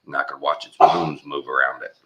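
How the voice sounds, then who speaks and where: A man's voice: rumbling low, flat delivery, fairly quick, pushed and bright, dull audio, a little hiss or hum. A man doing a boastful, blustering storyteller. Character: boastful blustering middle-aged man telling a tall tale.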